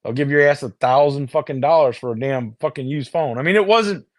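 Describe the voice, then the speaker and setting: A man rambles to his viewers in a loose, profane chat, stumbling over repeated words and starting sentences over. His voice sits at an ordinary middle pitch. The sound is very dry and close, captured on a phone with no room echo. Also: fairly quick. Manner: heavy swearing, restarts and repeated words. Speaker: streamer talking to viewers.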